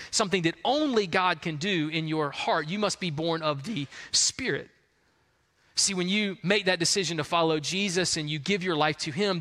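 A man preaching a conversational sermon to a congregation, acting out the people in his story. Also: high voice. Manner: conversational, acts out quotes, rising excitement. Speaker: pastor. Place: large hall with congregation. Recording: long hall reverb.

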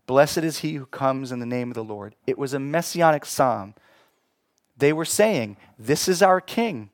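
A man preaching a sermon, swinging between hushed, slow passages and loud, emphatic ones. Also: medium pitch, animated, dry recording, studio quality. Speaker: pastor.

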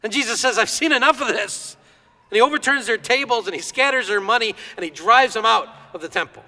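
Male pastor, high bright voice, animated storyteller, long church reverb. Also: fast. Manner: lively storytelling, acts out quoted voices. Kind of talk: sermon.

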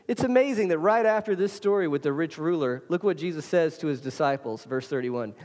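Male pastor, slightly high voice, casual emphatic sermon, long hall reverb. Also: lively intonation, a little fast, few pauses, a little mellow. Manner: casual, emphatic preaching with direct address to listeners.

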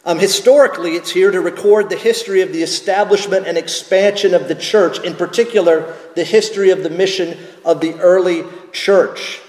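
A man preaching a sermon, teaching at a measured pace and asking rhetorical questions of the congregation. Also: sits high, fairly even intonation, darkish tone, roomy sound, in a large hall. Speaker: pastor.

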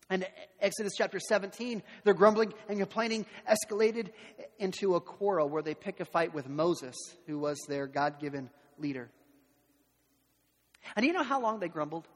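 A man preaching a sermon as pastor, animated, who acts out the voices of complainers. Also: sits high, long reverb tail.

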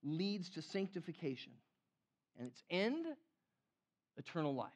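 A man preaching a sermon in an animated, conversational way, acting out the quotes he cites. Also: a little high, unhurried, pauses often. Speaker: pastor.

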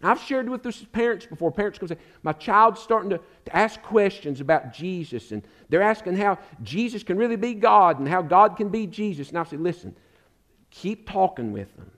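A middle-aged male pastor preaching a sermon, swinging from hushed lines to shouted ones. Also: high-pitched, animated, normal speed.

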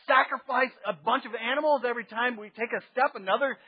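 A man shouting as a jubilant dancing king. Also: extremely high pitch, fast talker, slightly rough. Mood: exuberant. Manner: exuberant, shouting. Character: jubilant ancient king dancing before a holy procession. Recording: dull lo-fi sound with long hall reverb.

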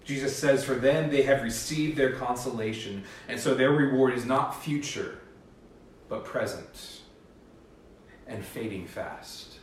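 A man's voice: mid-range voice, unhurried, slight background noise. Man preaching in an echoey hall. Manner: earnest, emphatic preaching with rising bursts. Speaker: pastor. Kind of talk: sermon. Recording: echoey hall, distant mic.

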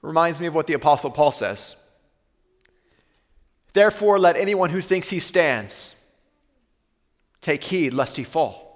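Male pastor, high voice, earnest sermon delivery, reverberant church hall. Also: expressive. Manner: earnest, slows and softens for weighty lines.

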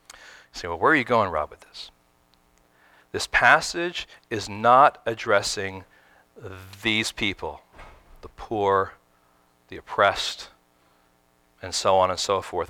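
A man's voice: on the low side, sharp tone, dry recording. A man preaching a sermon, emphatic and direct, often asking his listeners questions and sometimes repeating words as he restarts. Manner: emphatic, asks the congregation questions. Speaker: pastor.

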